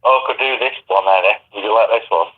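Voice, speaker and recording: Halting man on a tinny phone line. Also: fairly low pitch, slightly rough. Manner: hesitant, halting, many fillers. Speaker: phone-in caller. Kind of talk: rambling phone chat.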